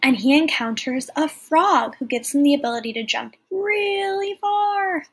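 A woman's voice: sits high, fairly bright tone. A woman teacher reading a folktale aloud to children, explaining words and asking questions as she goes. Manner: clear, explaining, often asks listeners questions. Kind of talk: read-aloud lesson for children.

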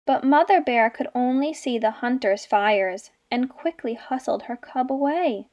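A teacher reading a picture book to little ones in a gentle, expressive way. She is a woman with a fairly high voice, and she leans into the exciting moments of the story. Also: unhurried, dull audio.

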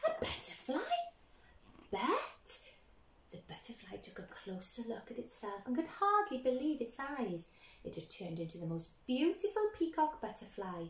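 A woman reading a picture book aloud for children, animated and asking her young listeners questions. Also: a little high, normal speed, reverberant, slight background noise. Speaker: storyteller for children.

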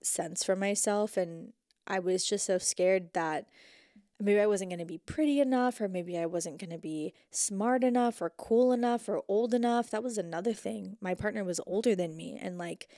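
An emphatic young woman hosts a podcast, giving a casual motivational talk while sitting on the floor. She repeats her points for stress and swears freely. Her voice sits at an ordinary middle pitch, and the recording is close and dry, with no room sound. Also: normal speed, mellow, no echo. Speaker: podcast host.

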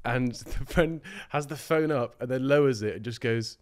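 A young man co-hosts a casual podcast, rattling off anecdotes in a mid-pitched voice. He slips into quick impressions of the people he quotes, so his delivery jumps around as he tells the story. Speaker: podcast co-host. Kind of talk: casual chat.

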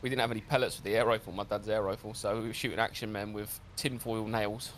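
Bloke gaming w mates, talks fast, crude stories, mate every line. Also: male voice, fairly low pitch, steady tone, a bit bright, a little hiss or hum. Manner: crude, rambling storyteller, says mate a lot. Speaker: game streamer. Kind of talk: casual gaming banter.

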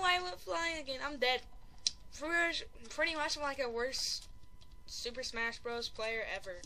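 A woman giving very high, bright, panicky gameplay commentary. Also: measured pace, a little hiss or hum. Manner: excitable, panicky, exclaims and repeats herself; self-deprecating chatter. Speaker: gaming channel host.

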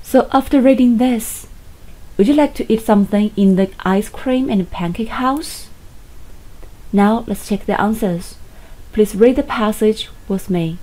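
A woman English teacher, giving patient, clearly spoken instructions in a recorded online lesson and repeating key words. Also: mid-range voice, unhurried, warm tone, low-quality recording.

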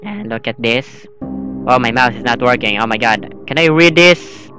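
A man giving rambling horror gameplay commentary as a channel host, excitable and breaking into yelps and screams. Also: mid-range voice, moderate pace, music in the background, low-quality recording.

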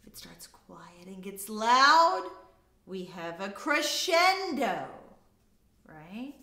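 A bright-voiced woman teaching children their choir lessons, drawing each word out slowly and demonstrating every term with her voice. She is recorded in an echoey room at home, with faint instrument sounds in the mix. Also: mid-range voice. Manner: lively, demonstrative, repeat-after-me teaching.

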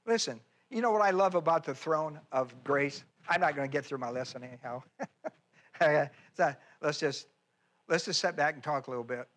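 A man's voice: fairly high pitch, normal speed, fairly bright tone. A man preaching a sermon as pastor, folksy and emphatic, with chatty asides and repeated phrases. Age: older.

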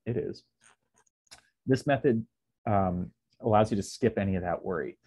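A man's voice: fairly low pitch, normal speed, a little mellow, slightly rough, no room sound. A man giving a casual slide lecture on beekeeping, with lots of ums, who sometimes acts out little dialogues. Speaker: beekeeping presenter.

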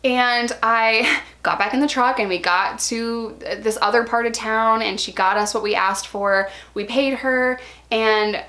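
A woman's voice: fairly high pitch, unhurried. A woman in her thirties telling a personal story in a casual, chatty way, full of "like" fillers and acting out what people said in a raised voice. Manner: animated, acts out quoted lines in a raised voice. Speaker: vlogger.

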